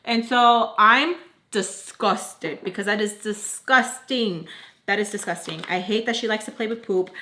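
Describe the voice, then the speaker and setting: Young woman vlogger, animated storyteller, blunt and salty. Bright, forceful delivery. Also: mid-range voice, slight background noise. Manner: animated, blunt, swears, drops in Spanish. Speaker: vlogger telling a nanny story. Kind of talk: casual storytime.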